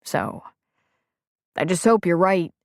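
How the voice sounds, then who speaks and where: A woman voicing a frank, plain-spoken man on the phone in an audiobook, gently persuasive. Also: on the low side, slow pace, no echo, studio quality. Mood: earnest. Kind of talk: audiobook character reading.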